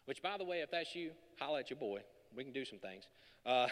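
説教する男性、明るく響く声. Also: male voice, fairly high pitch, expressive, a little fast, pushed and bright. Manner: conversational and joking, building to emphatic peaks. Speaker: pastor. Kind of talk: sermon. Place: church hall. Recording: long reverb of a large hall.

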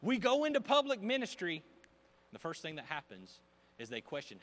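Lively, bright-voiced male preacher. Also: sits high, moderate pace. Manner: animated, emphatic preaching with swings from loud to hushed. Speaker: pastor. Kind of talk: sermon.

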